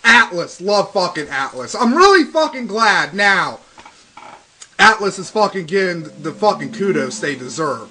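Young male let's-play host, bright high voice, profane and excitable, faint game music underneath. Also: measured pace. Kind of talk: casual gaming commentary.

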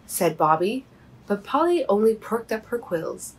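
A woman reading a picture book aloud to children, with gentle, expressive storytelling. Her voice sits mid-range and has a soft, breathy edge. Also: mid-range voice, a little slow, rough recording. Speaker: storybook reader and author.

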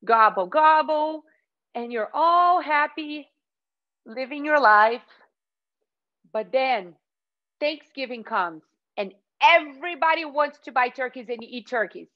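A woman's voice: high-pitched, lively intonation, takes it slowly, long pauses, lo-fi sound. A young woman teaching a children's yoga class in a playful, sing-song way, calling out poses and animal sounds.

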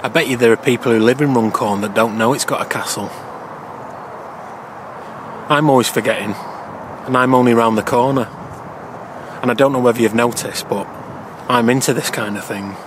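Casual male vlogger, mid-pitched, dry humour, light outdoor noise. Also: moderate pace, long pauses. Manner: jokey, conversational, wry asides. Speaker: cycling vlogger. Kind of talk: chatty local-history vlog.

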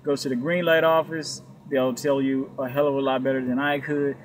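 Rambling, profane delivery driver. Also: male voice, medium pitch, level tone, moderate pace, slight background noise. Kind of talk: casual ranting vlog.

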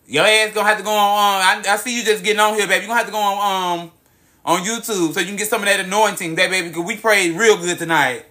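Talking fast in a high voice through a phone mic, a young man hosts a casual livestream. He drawls, swears, gets excited, reads off where viewers are from, and calls people baby and girl.

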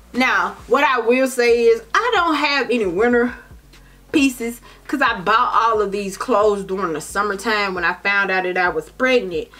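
A woman's voice: fairly high pitch, fairly bright tone. A young woman talking casually to her viewers in a haul vlog. She sounds tired and chatty, and she calls her viewers "baby" and "child". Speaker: vlogger.

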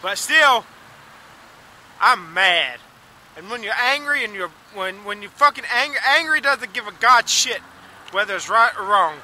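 Bitter, foul-mouthed man with a very high voice, venting to camera over loud street traffic. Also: expressive, a little fast, rough recording. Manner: bitter, profane, shouting in bursts. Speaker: vlogger. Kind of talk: angry ranting monologue to camera. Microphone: handheld camera. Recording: loud outdoor traffic noise.

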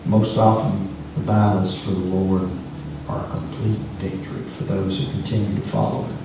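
Preacher's voice echoing from afar. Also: male voice, low-pitched, flat delivery, normal speed, noisy background. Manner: emphatic, repeats words when speeding up. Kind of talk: sermon. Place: church sanctuary. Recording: echoey church from far off.

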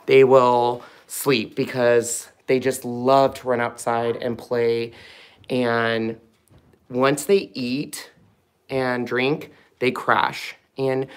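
A man hosting a casual live stream at home, talking fondly to puppies with soft baby talk. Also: medium pitch, clear, resonant tone. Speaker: host of a live puppy stream.

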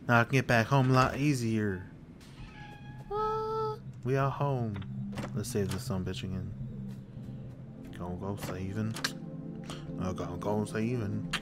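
Crude joking man narrating his gameplay. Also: lowish voice. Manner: crude, joking, talks to himself. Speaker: gameplay commentator. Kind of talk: live gameplay commentary.

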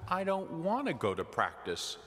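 A man's voice: high voice, huge pitch swings, normal speed, fairly bright tone, heavily acted. A man voicing a stubborn, whining grown man who refuses to get up. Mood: sulky. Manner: whiny, stubborn. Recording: church with long reverb.

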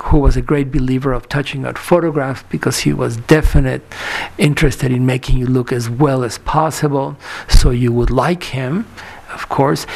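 A man's voice: medium pitch, vocal fry. A man giving a conference talk, telling anecdotes about a photographer's life with frequent fillers and quoted dialogue. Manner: storytelling, many fillers, quotes characters in dialogue. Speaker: lecturer. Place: lecture hall.

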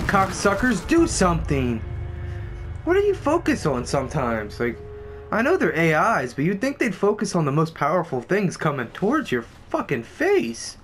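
A young man doing casual, profane let's-play commentary who swears a lot and gets excited easily. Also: sits high, moderate pace, noisy background. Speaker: gameplay commentator.

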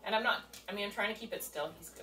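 A woman dog trainer talks through a session in a relaxed, step-by-step way. Her voice sits at a middle pitch and comes from some distance off the mic. The room rings around her, and a faint ambience hangs behind. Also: fast talker, reverberant, background noise. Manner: relaxed, explains step by step while working. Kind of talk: casual hands-on training demonstration.

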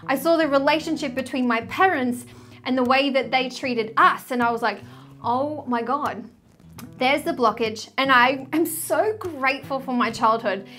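A woman's voice: high voice, normal speed, a bit bright. A woman in her thirties who works as a spiritual coach, talking to camera in a personal, confessional vlog and leaning hard on the word "literally.". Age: 30s. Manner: heartfelt, confessional, repeats "literally". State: tearful, choked up.

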